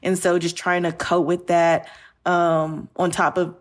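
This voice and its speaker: Woman, low voice, candid podcast guest, recruiter, loose and reflective. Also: level tone, measured pace. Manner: candid, reflective, many fillers. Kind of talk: casual podcast conversation.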